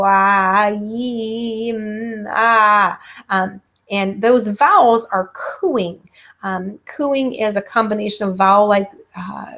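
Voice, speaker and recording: Lady lecturer talking through a class, lots of um, acts out baby noises now and then. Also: medium pitch. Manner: frequent ums, demonstrates baby sounds. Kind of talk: recorded university lecture.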